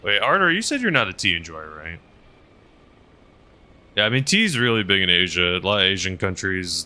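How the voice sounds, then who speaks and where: A man's voice: sits low, animated, normal speed, bright, forceful tone. A man chatting casually on a gaming livestream, rambling with lots of fillers and reading chat messages aloud. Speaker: game streamer and helicopter pilot.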